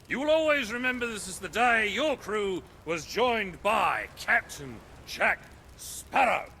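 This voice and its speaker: A man's voice: sits high, sing-song, takes it slowly, gravelly, sharp tone, slight background noise, exaggerated voice. An actor playing a roguish, swaggering male pirate captain in a game, talking in a theatrical, slurring, wry way. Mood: scheming. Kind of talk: game character dialogue.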